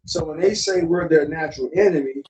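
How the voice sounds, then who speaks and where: A man's voice: on the high side, fairly quick, a little mellow. Blunt profane man lecturing an echoey room. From South Florida. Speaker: podcast host. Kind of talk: casual livestream discussion. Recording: echoey room with faint noise.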